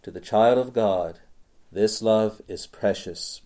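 A man preaching a sermon, slow and deliberate, repeating phrases for emphasis. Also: lowish voice, warm tone.

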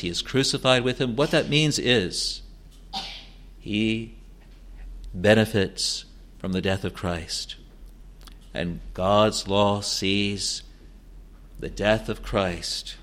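A man preaching an expository sermon, quoting scripture in old wording and repeating phrases for emphasis, moving between hushed low passages and rising, insistent declarations.

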